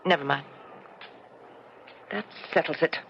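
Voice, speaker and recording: A middle-aged Frenchwoman, once a resistance fighter, with a lilting, teasing warmth toward her husband. It is a 1970s radio drama, sounding muffled on an old broadcast with a steady hiss. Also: sits low, unhurried. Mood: urgent.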